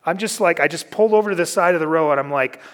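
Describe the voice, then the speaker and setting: A man's voice: fairly high pitch, racing. A man, a pastor, giving a conversational sermon, telling personal stories candidly and with self-deprecating humor.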